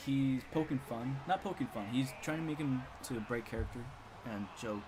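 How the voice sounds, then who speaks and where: A man's voice: mid-range voice, normal speed, a crowd in the background. A young man casually telling a funny school story on a live stream, rambling with lots of repeats and chuckles.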